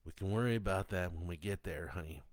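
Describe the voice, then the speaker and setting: A man's voice: sits low, fast, no room sound, clean studio sound, close to an everyday voice. A man voicing a frightened father who urgently protects his daughters while fleeing zombies, in a horror audiobook. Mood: hushed, soothing.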